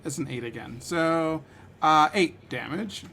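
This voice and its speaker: A man playing a tabletop game, talking quickly and casually, often laughing. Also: on the high side, expressive, vocal fry, bright, forceful tone, slight background noise. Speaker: player.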